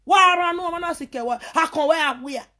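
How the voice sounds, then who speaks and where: High-pitched Nigerian woman ranting scornfully. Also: fast talker, pushed and bright. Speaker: vlogger. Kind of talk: heated ranting vlog.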